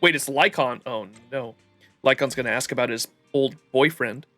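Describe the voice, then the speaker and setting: Give me a young male streamer with a bright voice, chatting casually and swearing. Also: mid-range voice, moderate pace, no echo, faint music behind. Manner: casual, rambling, swears often, lots of "like". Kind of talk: live game commentary.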